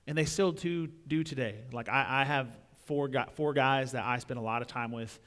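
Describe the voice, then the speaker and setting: A young adult man preaching a sermon in a church, talking conversationally, repeating words and swelling louder on key points. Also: medium pitch, moderate pace. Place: church sanctuary. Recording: long reverb of a church hall.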